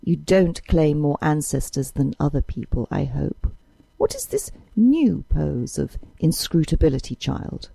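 A woman reading an audiobook, voicing a sharp-tongued older aunt who talks in a dry, scolding way. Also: low-pitched, big pitch swings, unhurried, vocal fry, breathy edge, dry recording, heavily acted.

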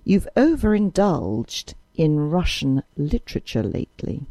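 A woman reading an audiobook, voicing a sharp-tongued older aunt who talks in a dry, scolding way. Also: low voice, sing-song, unhurried, creaky, no room sound, exaggerated voice.

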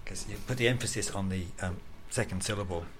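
A man's voice: sits low, quick pace, noisy background. A man hosting a casual interview, talking in a rambling, chatty way with lots of fillers. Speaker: radio host.

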